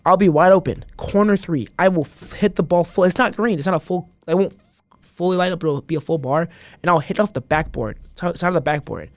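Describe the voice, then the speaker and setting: A man's voice: high-pitched, brisk, no room sound. A man guest on a podcast, chatting casually and animatedly, rambling with lots of restarts. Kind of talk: casual chat.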